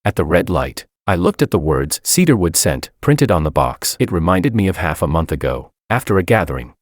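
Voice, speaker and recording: Man narrating a first-person story, deep voice, lively pitch, dry close sound, wry. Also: no echo.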